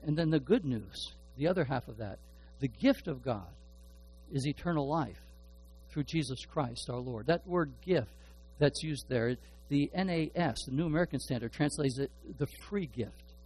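A man's voice: medium pitch, lively intonation, normal speed, darkish tone, slight background noise, poor audio. A middle-aged man preaching a sermon, earnest, often repeating and restarting his words. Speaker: pastor.

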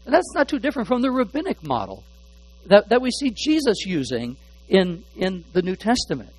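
Preaching in a high, light voice with wildly swooping pitch, a pastor stumbles through his sermon, echoing little words as he gropes for what to say. He punches individual words hard, then sinks back almost to a murmur; the audio quality is poor.

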